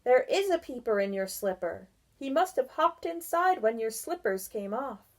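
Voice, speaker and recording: A woman voicing a gentle, patient father in a read-aloud storybook, speaking calmly and reassuringly. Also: on the high side, moderate pace. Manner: calm, soft and reassuring.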